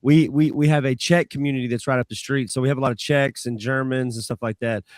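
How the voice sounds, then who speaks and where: A man co-hosts a podcast in a relaxed, chatty way. He offers local facts and often stumbles over the first word. His voice sounds dry and close to the mic. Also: mid-range voice, quick pace, no echo. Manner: chatty, shares local facts, repeats words when starting. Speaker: podcast co-host. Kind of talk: casual chat.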